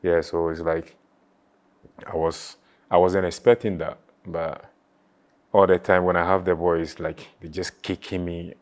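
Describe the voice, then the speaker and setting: Low, flat-voiced man recalling his career. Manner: halting, repeats words, frequent "you know". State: emotional, near tears at times. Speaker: former footballer reminiscing. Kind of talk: emotional interview reflection.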